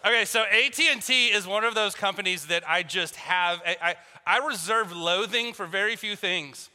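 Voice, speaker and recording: Preacher guy, high bright voice, joking storyteller, big echoey church hall. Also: normal speed. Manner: storytelling, joking, acts out both sides of phone calls. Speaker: pastor. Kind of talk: sermon. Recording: long hall reverb.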